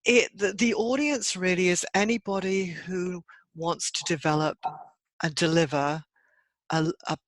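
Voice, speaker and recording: A middle-aged woman who works as a trainer and consultant answers interview questions articulately and in a measured way, laughing easily. Her voice is on the low side, and the low-quality recording has no room sound.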